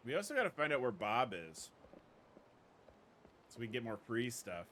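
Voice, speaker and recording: A man's voice: mid-range voice, sing-song, moderate pace, a bit bright, a little hiss or hum. A man commentating casually on a game stream, joking and swearing freely.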